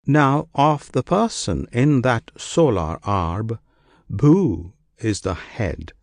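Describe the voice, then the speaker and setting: A man reading an ancient scripture aloud as an audiobook narrator, in a slow, measured recitation with solemn pauses. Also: medium pitch, expressive, vocal fry, no echo.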